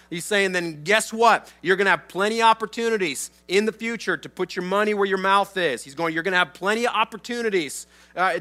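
A man's voice: high voice, sharp tone. A man preaching a sermon as a pastor, conversational and emphatic, often checking in with the listeners. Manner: conversational, emphatic, asks the crowd "right?" and "okay?".

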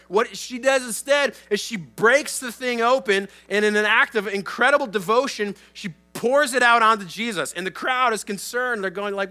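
Bright, high-voiced man preaching a sermon. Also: moderate pace, faint music behind. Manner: conversational, emphatic, asks the crowd "right?" and "okay?". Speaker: pastor.

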